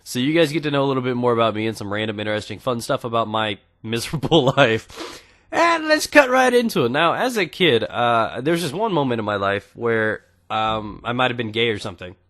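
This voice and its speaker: A young man, a gaming channel host, telling a personal story in a casual, joking way, with loud bursts of emphasis. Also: mid-range voice, fairly quick. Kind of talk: casual storytime over gameplay.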